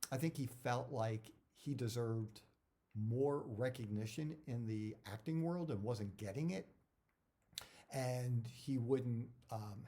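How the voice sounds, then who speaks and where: Mellow middle-aged man rambling advice. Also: mid-range voice. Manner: rambling, repeats words, digresses. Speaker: actor sharing career advice. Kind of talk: casual talk to camera.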